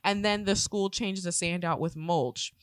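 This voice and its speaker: A woman in her twenties co-hosting a podcast, telling a story in a casual, lively way, acting out quotes, swearing and laughing often. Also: fairly low pitch, a little slow, clear, resonant tone, no echo, clean studio sound. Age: 20s. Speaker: podcast co-host. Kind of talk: casual chat.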